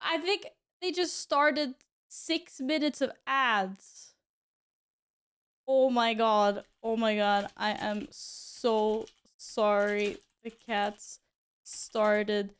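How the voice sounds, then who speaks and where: Give me a bubbly, apologetic woman chatting on a live stream in a high, leisurely voice. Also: very slow, fairly bright tone, smooth. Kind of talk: casual stream chat.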